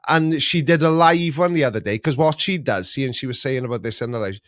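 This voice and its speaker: A man's voice: mid-range voice, fast talker, a bit bright, no echo. Man, casual host, rambling, jokey, dry close sound. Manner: rambling, jokey, with many restarts. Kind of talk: casual live-stream chat.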